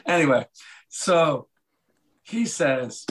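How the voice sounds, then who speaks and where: A middle-aged man talking as a guest in a casual interview, telling animated stories and acting out quoted lines with a laugh. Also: mid-range voice, brisk. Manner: animated storyteller, acts out quoted dialogue with a laugh. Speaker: podcast guest, author and former sports executive.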